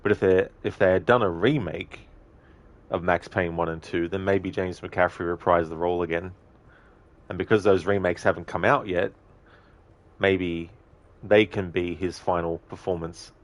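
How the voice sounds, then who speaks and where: A man's voice: low-pitched, fairly even intonation, normal speed. A male streamer making casual commentary while gaming, rambling and thinking aloud.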